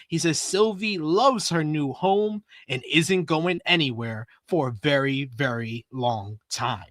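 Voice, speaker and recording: A male co-host of a wrestling review who talks in a higher register with a bright, forceful edge. He recaps the show in quick, casual chat and laughs often. The sound is dry and close. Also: no room sound.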